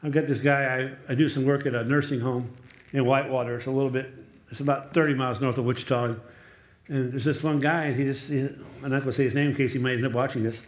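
A man's voice: mid-range voice, fairly even intonation, fast, reverberant. A male pastor preaching a sermon in a church, telling stories in a conversational way and asking the congregation for amens. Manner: conversational storytelling, asks the room for amens. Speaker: pastor and chaplain.

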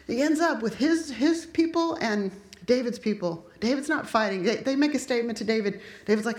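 A woman preaching a sermon, retelling a Bible story in an animated way and acting out the characters' lines. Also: fairly high pitch, a little fast. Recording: echoey room.

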